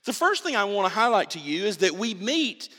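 A man's voice: sits high, fairly quick. A man preaching a sermon as pastor, emphatic and repeating himself as he builds his points. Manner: animated, emphatic preaching with repetitions and restarts. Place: church sanctuary. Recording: reverberant church hall.

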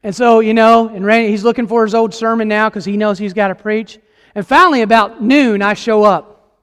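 A man's voice: high-pitched, fairly even intonation, fairly quick, a bit bright, smooth, long reverb tail. A man preaching a sermon as a guest preacher, emphatic and impassioned, putting questions to the congregation. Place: church sanctuary.

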